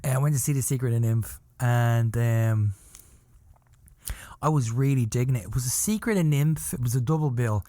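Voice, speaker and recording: A man's voice: mid-range voice, normal speed, warm tone, no echo. A middle-aged man hosting a podcast, telling a casual story in a rambling, profane way full of "you know". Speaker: podcast host.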